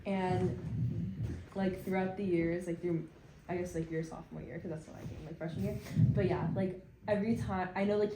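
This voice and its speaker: A woman friend chatting fondly with many fillers in a tribute speech. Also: mid-range voice. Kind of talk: casual speech. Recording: echoey room with a crowd.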